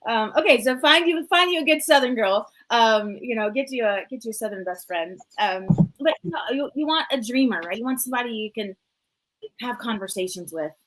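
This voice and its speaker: A woman in her forties hosting a live motivational talk show, energetic and chatty, full of "like" and "you know". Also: fairly high pitch, a little fast, rough recording. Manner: energetic, chatty, many fillers. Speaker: host and coach.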